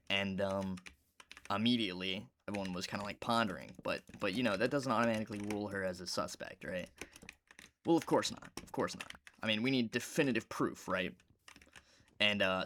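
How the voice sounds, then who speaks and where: A man with a low voice tells a meandering story while he plays a video game at his computer. He talks casually and rambles, now and then breaking into loud outbursts at the game. Faint keyboard clicks sit under his voice. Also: a little hiss or hum. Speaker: gaming YouTuber.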